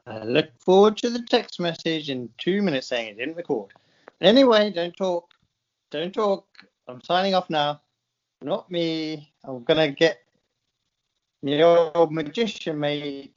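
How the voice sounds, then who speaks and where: A man co-hosting a podcast, teasing and joking in casual banter, over a dull lo-fi call line. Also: fairly high pitch. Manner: teasing, jokey. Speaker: podcast co-host.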